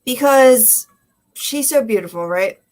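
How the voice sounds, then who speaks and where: A woman co-hosting a live web show, teasing her partner with quick retorts in casual banter. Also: fairly high pitch, animated. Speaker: co-host.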